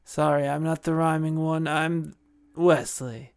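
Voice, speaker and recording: A male podcast host talks through a film recap, rambling and joking with open enthusiasm. His voice is gravelly yet smooth and clear, and his pace is slow. It is recorded close and dry. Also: on the high side, fairly even intonation, no room sound.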